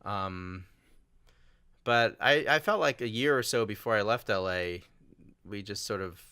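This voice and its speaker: Brief: male host, bright and lively, chatty, quick to laugh, dry close recording. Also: lowish voice, clean tone, no room sound. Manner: laughs often, tells jokes. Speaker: podcast host. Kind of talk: casual conversation.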